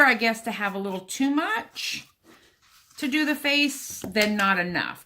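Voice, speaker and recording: Woman, slightly high voice, casual craft tutorial, chatty, talks to the viewer. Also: fairly bright tone. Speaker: craft vlogger.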